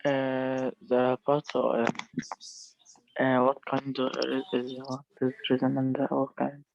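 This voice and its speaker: A student on a video call lesson who speaks haltingly, with many "uh"s and restarts. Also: medium pitch, completely flat delivery, creaky, dull audio, background noise. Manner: hesitant, halting, many fillers.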